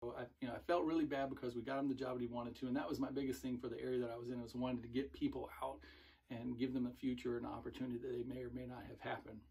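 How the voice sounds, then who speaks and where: Husky-voiced man telling stories. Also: mid-range voice, very fast. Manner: relaxed, rambling, with frequent fillers and self-corrections. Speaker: former military recruiter, show host. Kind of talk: casual storytelling monologue.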